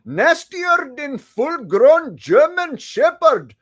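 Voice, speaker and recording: Put-on indian accent, loud deadpan reading, slow, guy doing a voice. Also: extremely high pitch, heavily acted. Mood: reciting. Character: man reciting rap lyrics in a put-on Indian accent.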